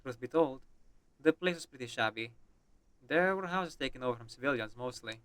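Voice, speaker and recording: A man's voice: mid-range voice, animated, brisk, fairly bright tone, no echo. A man streaming, reading and voicing a game's story with chatty asides.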